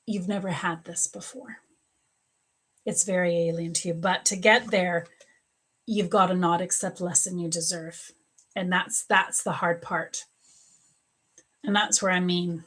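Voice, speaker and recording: A middle-aged woman gives live psychic readings, answering viewers' questions one by one. She speaks at an unhurried pace and calls out viewers by name. She often repeats her words and laughs as she goes. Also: fairly low pitch, fairly even intonation, a bit bright, breathy edge.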